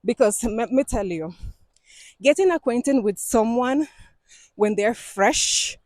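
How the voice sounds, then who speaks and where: A woman's voice: on the high side, expressive, slow, a little mellow, no room sound. Cuban woman, 40s, walking vlog, slightly out of breath, chatty and laughing, dry close sound, outdoor trail. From Cuba. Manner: chatty, laughs often, non-native phrasing. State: out of breath from climbing. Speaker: vlogger.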